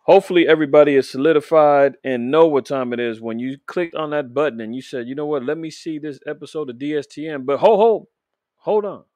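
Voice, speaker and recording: A man hosting a casual religious commentary podcast, talking straight to his audience with preachy, animated rhetorical questions. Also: a little high, a little fast, no echo. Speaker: podcast host.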